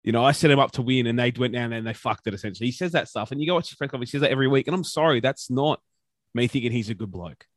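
A man's voice: medium pitch, rapid-fire, dry recording, studio quality. Opinionated Australian man ranting. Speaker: podcast co-host. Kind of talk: casual sports chat.

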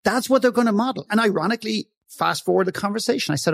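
A man's voice: high voice, quick pace, gravelly, hardly any pauses, dry recording, clean studio sound. A man speaking as a podcast guest, telling a story with emphasis, acting out the dialogue and swearing now and then. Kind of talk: passionate storytelling in conversation.

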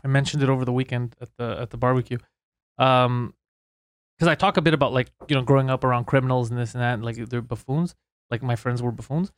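A man, a comedian, telling stories in casual chat, animated and swearing, acting out what people said. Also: medium pitch, no room sound. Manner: fast, animated storytelling with acted-out quotes and swearing. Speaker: comedian and podcast host.

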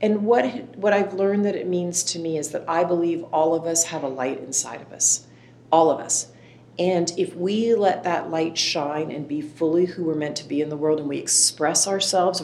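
A woman guest on an interview, speaking calmly and earnestly in a reflective way. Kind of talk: reflective conversation. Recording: echoey room with faint rumble.

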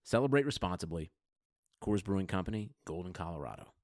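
A man reading a scripted radio ad in a smooth, relaxed delivery. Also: sits low, brisk, no room sound, clean studio sound. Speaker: ad announcer. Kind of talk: scripted ad read.

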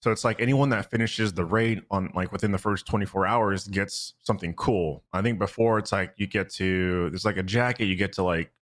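Low-voiced man telling gaming stories. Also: a little fast, hardly any pauses. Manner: rambling, animated storytelling with many fillers. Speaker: podcast co-host. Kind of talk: casual chat.

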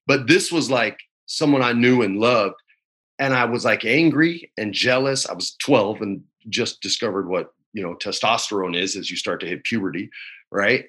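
A man's voice: lowish voice, fairly bright tone, breathy edge. A man in his forties, a guest in a casual interview from his home, laid-back, often saying man and dude, and choked up at times while telling stories. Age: 40s. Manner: emotional, choked up while storytelling. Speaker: actor guest.

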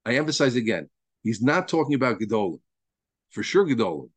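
A man's voice: medium pitch, animated, fast talker, no room sound. A rabbi giving a Torah lesson to a study group, emphatic and repeating words as he builds each point, with Hebrew and Yiddish terms mixed into his teaching.

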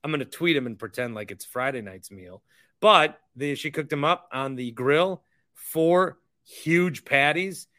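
A man's voice: a little high, unhurried, bright, forceful tone. A young man hosting a sports podcast, ranting in a heated, repetitive way in casual talk. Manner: heated, ranting, repeats himself. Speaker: podcast host.

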